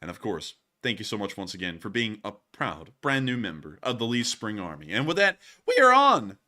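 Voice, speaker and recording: A man hosting a livestream, reading super chats and thanking viewers in a casual, animated way, often laughing. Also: on the low side, fairly quick. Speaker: host.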